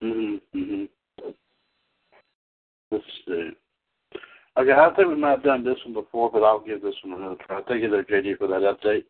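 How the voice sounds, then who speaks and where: A man hosting a casual wrestling podcast, talking haltingly with lots of fillers and easy laughs. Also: on the low side, sing-song, vocal fry. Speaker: podcast host. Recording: tinny phone-line sound.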